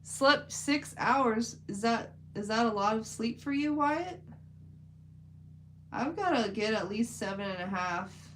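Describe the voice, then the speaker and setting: A woman's voice: a little high, expressive, takes it slowly, fairly bright tone, slight background noise, rough recording. A woman chatting casually on a livestream while she paints, rambling with lots of "like" fillers. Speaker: livestream host.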